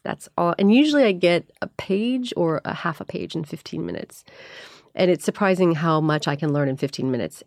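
Animated woman in her forties. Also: fairly low pitch, dry recording, studio quality. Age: 40s. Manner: animated, acts out her own thoughts in quick asides. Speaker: actress guest. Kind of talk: casual interview chat.

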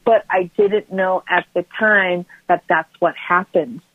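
A woman's voice: lowish voice, fairly even intonation, a little slow, no echo. A woman telling a personal story as an interview guest, rambling with frequent restarts and filler words. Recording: tinny phone line, dry.

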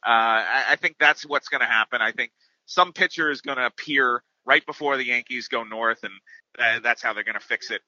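Bright-voiced man, guest on a call. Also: mid-range voice, no echo, highs cut off. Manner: thinking aloud with restarts. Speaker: podcast guest. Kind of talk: casual sports chat.

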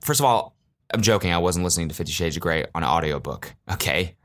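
A man's voice: low-pitched, expressive, fast, a bit bright. A man hosting a podcast, telling a rambling comic story in a casual, sarcastic way, swearing freely and joking before taking it back. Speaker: podcast host.

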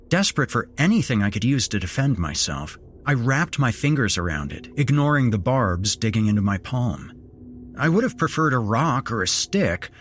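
A man hosting and narrating a horror story in a steady, measured storytelling manner. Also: medium pitch, a little hiss or hum. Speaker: horror podcast host and narrator.

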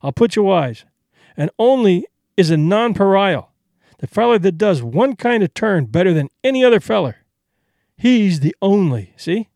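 A man's voice: high-pitched, sing-song, normal speed, creaky, a little mellow, no room sound, clean studio sound, heavily acted. A man voicing a brash young male vaudeville tramp comic who talks in boastful, breezy slang.

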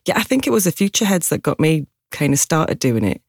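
Husky Geordie woman with a gravelly edge. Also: low-pitched, very animated, fast talker, darkish tone, dry recording, clean studio sound. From Newcastle, England. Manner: chatty, self-mocking, laughs often. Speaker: singer-songwriter guest. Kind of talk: casual interview chat.

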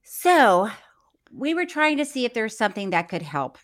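A woman's voice: fairly high pitch, big pitch swings, moderate pace. A woman co-hosting a podcast, telling a story in casual chat, acting out the quotes and laughing often. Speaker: podcast co-host.

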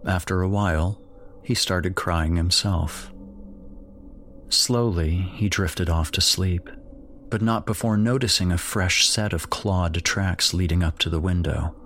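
A man narrating a dark horror story in a measured, grim storytelling voice. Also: sits low, slight background noise.

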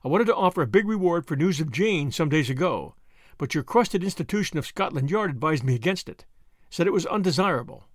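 A brash, blunt young man flush with money, as a male reader plays him. He talks in a lively, slightly raised voice, close and dry. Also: fairly high pitch, a little fast, dry recording. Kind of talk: audiobook character voice.

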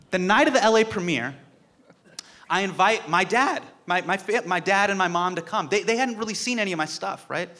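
A man's voice: high-pitched, fairly bright tone. A young man giving a heartfelt tribute speech, telling a personal story and acting out the quotes.

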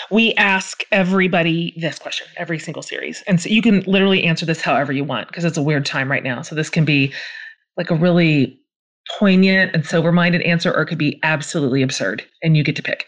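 A woman's voice: sits low, a little fast. A woman hosting a podcast, asking questions and thanking her guest effusively. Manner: warm affirming interjections, gushing thanks. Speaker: podcast host. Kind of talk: interview host.

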